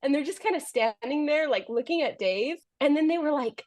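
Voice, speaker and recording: A woman's voice: sits high, very animated, a little slow, hardly any pauses. A young adult woman, a podcast guest, telling a long story in casual chat, laughing often and acting out what people said.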